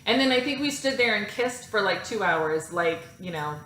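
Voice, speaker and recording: A woman, in her thirties, casually telling a personal story to her viewers, animated and self-mocking, laughing often. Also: mid-range voice, moderate pace. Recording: echoey room with faint ambience.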